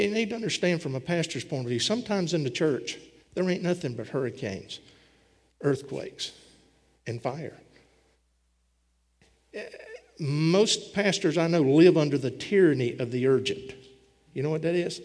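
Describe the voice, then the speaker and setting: A man's voice: fairly high pitch, a little mellow. A man preaching a sermon as a pastor, with a folksy storytelling manner. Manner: folksy storytelling preacher, voicing scripture characters. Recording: long hall reverb.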